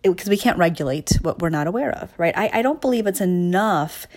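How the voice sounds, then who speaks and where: A woman with a somewhat low-pitched voice talks through ideas about emotional awareness. Her delivery is conversational and searching, full of restarts and soft laughs, and she keeps checking in with listeners. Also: expressive, a little fast. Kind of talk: reflective talk to listeners.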